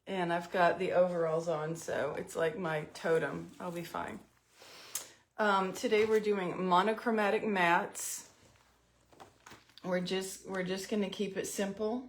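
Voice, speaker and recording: A woman's voice: fairly low pitch, fairly even intonation, unhurried, slight background noise. A middle-aged woman chatting at home in a casual storytelling vlog while doing her makeup, self-mocking and talkative.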